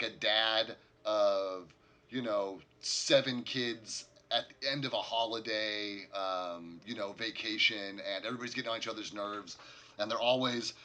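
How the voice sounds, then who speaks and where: A man's voice: fairly low pitch, pushed and bright. A man narrating as the game master of a tabletop game in a rambling way, full of fillers.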